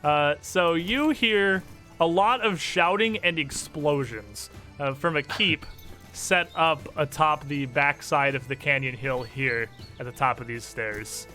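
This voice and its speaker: Bright-voiced laughing game master man. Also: fairly high pitch, slow pace, soft background music. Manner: laughing, loose, profane. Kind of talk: narrating a tabletop game.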